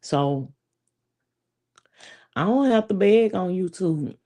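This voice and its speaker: A woman's voice: lowish voice, animated, slow, dark tone. A woman, telling a story to viewers in a casual, profane, chatty way. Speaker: vlogger.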